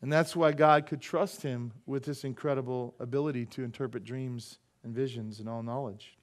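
A male pastor preaching a sermon in a church, telling a story with animated, laughing delivery. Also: medium pitch, moderate pace.

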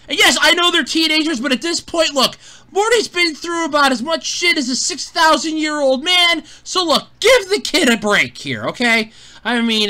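Bright, lively, sarcastic ranting man. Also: extremely high pitch. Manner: exasperated, sarcastic, swears freely. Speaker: show reviewer. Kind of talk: profane ranting review.

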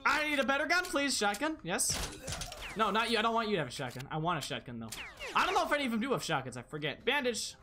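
Excitable, animated game streamer. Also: medium pitch, quick pace, background noise. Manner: excitable, yelps and laughs, talks to chat. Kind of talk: live gameplay commentary.

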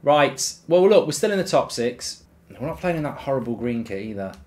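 Excitable man shouting at a football game. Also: medium pitch, a little fast. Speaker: gaming streamer. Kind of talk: live football game commentary.

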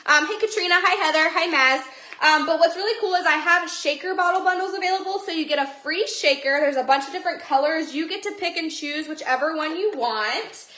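A woman hosts a casual phone livestream from home, chatty and bubbly, greeting viewers by name. Her voice is high, bright and sharp. The room around her echoes. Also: fairly quick. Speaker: livestream seller. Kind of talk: casual livestream sales chat.

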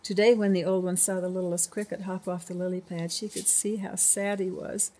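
Older grandma reading a kids' story out loud, expressive. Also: female voice, fairly low pitch, a little fast.

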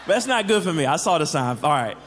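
A psychologist giving an animated faith-based teaching talk. He keeps checking in with the audience and acts out the lines he quotes. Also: on the high side, fast, long reverb tail.

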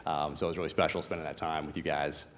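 A man's voice: rumbling low, little pitch movement, quick pace. A man moderating a panel with casual interview questions, enthusiastic and friendly, with many fillers. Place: screening venue stage. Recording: echoey venue hall with faint noise.

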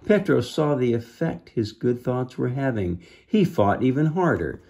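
Brief: an unhurried man reading a children's book, pausing for gentle asides. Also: medium pitch, sing-song, highs cut off. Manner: gentle asides explaining the lesson. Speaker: reader.

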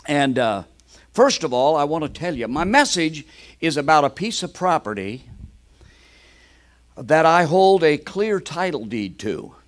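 A man's voice: on the high side, big pitch swings, a little slow. An older man preaching a fervent sermon with exclamations.

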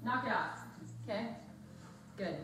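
An upbeat female fitness instructor leads a workout class, cheering people on and counting reps at a measured pace while slightly out of breath. Her somewhat high voice rings in a very echoey room, caught by a distant mic over a faint room hum.

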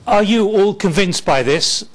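Brisk man moderating a panel. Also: sits high, animated. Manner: brisk, directive.

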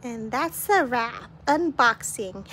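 A young woman vlogging casually at home, bubbly and giggly as she talks excitedly. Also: high voice, extremely slow, a little hiss or hum. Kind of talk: casual unboxing vlog.

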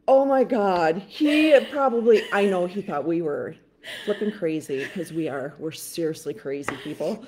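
A woman's voice: mid-range voice, animated, moderate pace, a little mellow, slight background noise. A woman casually telling a family story in a chatty way, laughing and acting out what people said.

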